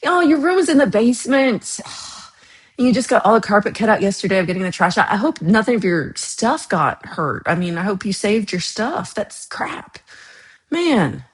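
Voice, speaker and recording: A woman's voice: mid-range voice, expressive, moderate pace. A woman from Texas hosting a casual livestream, chatting with viewers in a chatty, teasing way with playful outrage. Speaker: livestream host.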